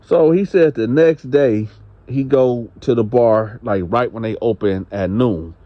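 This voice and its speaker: A man's voice: mid-range voice, unhurried, no room sound, lo-fi sound. A man telling a story in a casual, rambling, conversational way. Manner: rambling, conversational, unsure on details. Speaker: channel host.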